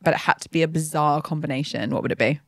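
A woman's voice: low voice, quick pace, gravelly, dry recording, clean studio sound. Chatty Australian woman podcast host. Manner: chatty, laughing, lots of fillers. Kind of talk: casual interview chat.

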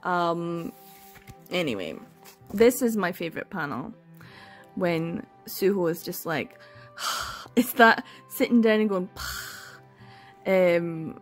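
A young woman chatting casually at home in a reading vlog, gushing and excitable, laughing and sighing often. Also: on the low side, slow, long pauses, soft background music. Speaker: book vlogger.

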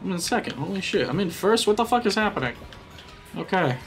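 A young man giving excitable, profane live commentary while racing in a kart game, often yelling at it. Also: high-pitched, a little fast, faint music behind. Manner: excitable, swears a lot, yells at the game. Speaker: gaming YouTuber.

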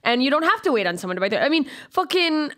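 A woman comedian co-hosting a podcast, chatting casually with profane comic asides and quick reactions. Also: high voice, very animated, sharp tone. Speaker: podcast co-host, stand-up comedian. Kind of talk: casual chat.

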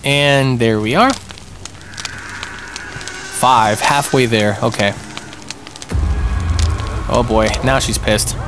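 A young man giving live commentary on a multiplayer game, excitable and panicky, yelping and throwing in a lot of slang. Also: fairly high pitch. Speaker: gaming streamer.

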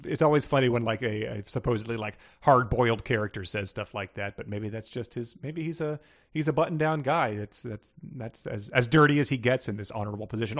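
A man co-hosting a casual book podcast, rambling through plot summaries with frequent restarts and laughter. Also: medium pitch. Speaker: podcast co-host.

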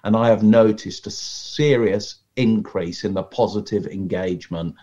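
A man guesting on a podcast as a magician, chatting in a lively, storytelling way and acting out how audiences react. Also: on the low side, unhurried. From Britain. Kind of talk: casual podcast conversation. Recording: slightly muffled lo-fi audio.

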